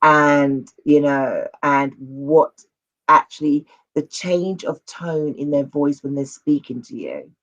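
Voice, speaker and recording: A man's voice: on the high side, slow pace, a bit bright. A man speaking as an interview guest on men's mental health, earnest and rambling, often repeating himself. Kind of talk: casual conversational interview. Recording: dull lo-fi audio.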